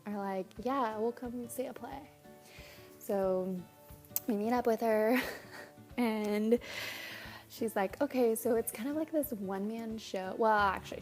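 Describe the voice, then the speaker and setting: A woman's voice: medium pitch, a little mellow. A young woman vlogging to camera, telling a rambling travel story in a chatty, laughing way. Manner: chatty, rambling, laughs often, quotes people in quick asides.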